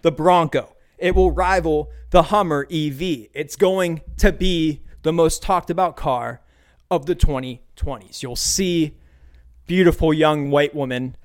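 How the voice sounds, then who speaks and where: A young American man in his twenties hosting a podcast, ranting in a casual, comedic monologue, animated and profane with quick bursts of enthusiasm. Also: on the high side. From United States. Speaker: podcast host.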